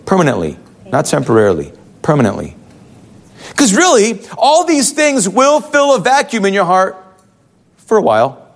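A man's voice: sits high, wildly swooping pitch, normal speed. A male pastor giving a conversational sermon in a church, full of rhetorical questions.

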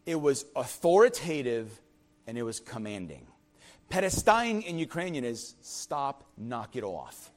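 This high-pitched man preaches a sermon as pastor, repeating himself emphatically and slipping in frequent "right?" asides. He shifts from loud declarations to quiet, confiding remarks.

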